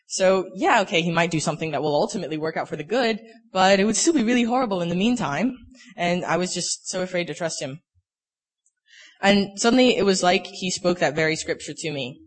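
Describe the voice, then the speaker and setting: A young man giving a personal faith testimony, earnest and halting, with many filler words. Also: high-pitched, a bit bright. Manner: earnest, halting, full of "you know" fillers. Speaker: speaker sharing a personal testimony.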